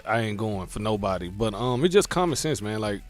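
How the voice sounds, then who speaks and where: A man's voice: lowish voice, very animated, faint music behind. A man co-hosting a casual radio talk show, speaking conversationally and often checking in with the listener. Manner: rapid, conversational, keeps asking you know what I'm saying.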